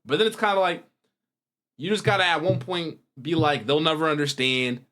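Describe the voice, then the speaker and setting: A man's voice: high-pitched, moderate pace. A young man hosting a reaction video, talking casually to his viewers in a rambling, slangy way. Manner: rambling, slangy, animated with wide swings in loudness.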